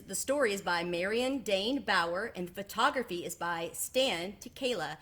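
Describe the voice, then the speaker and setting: A woman's voice: mid-range voice, expressive, moderate pace, a bit bright. A woman teacher cheerfully greeting her students and reading a children's picture book aloud.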